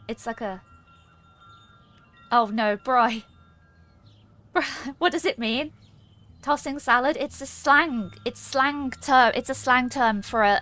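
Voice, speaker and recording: A woman's voice: on the high side, bright, forceful tone. A woman streaming a game, chatting playfully with her viewers and joking around. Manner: playful, giggly, chats to viewers. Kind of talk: casual gaming stream chat.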